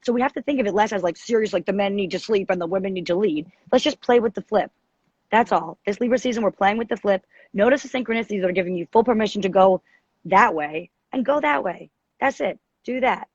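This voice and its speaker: A woman with a deep, raspy voice co-hosting an astrology podcast, talking in a rambling, animated way and often interrupting herself. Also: quick pace, dry recording, dull audio. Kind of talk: casual spiritual chat. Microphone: video call.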